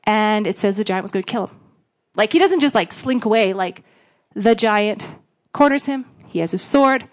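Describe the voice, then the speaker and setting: A woman giving a casual, conversational sermon, acting out voices with sudden big jumps in pitch. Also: lively intonation, moderate pace. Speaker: preacher.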